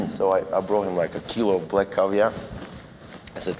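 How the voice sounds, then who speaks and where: A man's voice: deep voice, normal speed, darkish tone, big-room sound, a little hiss or hum. A Russian man with a Russian accent, a guest cinematographer telling anecdotes casually, with loose non-native grammar, restarts and chuckles.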